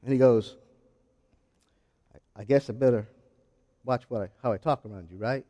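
Male pastor, sermon delivery, soft asides building to shouts, echoing church hall. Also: mid-range voice, normal speed. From South Carolina. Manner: swings from hushed to shouting.

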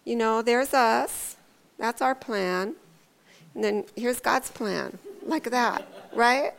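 A woman giving an informal devotional sermon, talking earnestly and conversationally, with hesitant restarts and lively storytelling. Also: on the high side, slow, creaky. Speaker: devotional speaker.

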